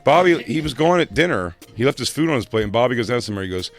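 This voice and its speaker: A man's voice: medium pitch, big pitch swings, very fast, soft background music. A man co-hosting a podcast, chatting casually and telling rambling, crude stories with frequent laughter. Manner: rambling storyteller, laughs often, crude jokes. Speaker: podcast co-host. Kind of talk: casual comedic chat.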